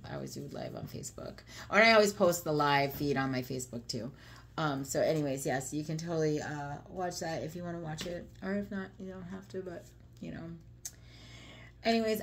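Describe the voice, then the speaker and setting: Woman, deep voice, fry, chatty devotional talk, lots of "right?", light noise. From United States. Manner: chatty, earnest, frequent fillers and rhetorical "right?". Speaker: faith vlogger.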